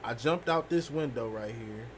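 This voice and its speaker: A young man casually telling a rambling, profane story while streaming a game, animated and full of fillers. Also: mid-range voice, moderate pace, a little hiss or hum. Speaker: gaming streamer.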